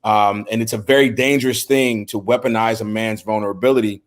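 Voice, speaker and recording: A man's voice: fairly low pitch, fairly even intonation, brisk. A middle-aged man on a men's talk show, speaking earnestly in casual conversation and often repeating words as he starts a thought.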